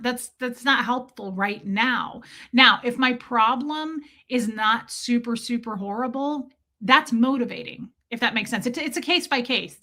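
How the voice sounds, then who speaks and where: Speaking in a pushed, bright voice on the high side, a livestream host chats casually with her viewers. She reads comments, addresses chat directly, and cusses openly.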